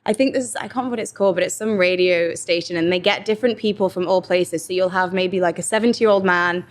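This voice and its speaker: A young woman with an English accent talks through her work as an actor in an easygoing interview. She speaks in a lowish voice and tells her stories with an animated, chatty manner, often slipping into quoted lines. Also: fast talker. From England. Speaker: actor guest. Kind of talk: casual interview chat.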